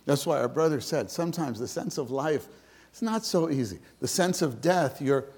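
A man giving an informal sermon to fellow believers, conversational and repetitive, swinging between loud emphasis and hushed, near-whispered words. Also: a little high, animated, normal speed, breathy edge. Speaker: church speaker.

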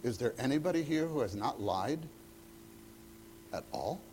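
A man's voice: mid-range voice, expressive, unhurried, a little mellow, slight background noise. A man leading a church teacher-training meeting, talking conversationally and acting out bits of dialogue. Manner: conversational, acts out quoted dialogue.

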